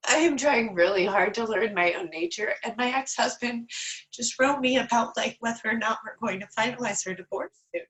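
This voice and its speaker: A woman's voice: a little high, brisk, a bit bright, low-quality recording. A woman teaching an online class in a candid, self-deprecating, rambling way, a little teary and stuffed up in the nose. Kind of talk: casual online class talk.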